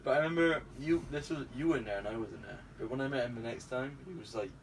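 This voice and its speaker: A young man, chatting casually with a friend and telling stories in an animated way. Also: mid-range voice, fast. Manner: animated storyteller, acts out quotes. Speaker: host. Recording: distant mic with faint background noise.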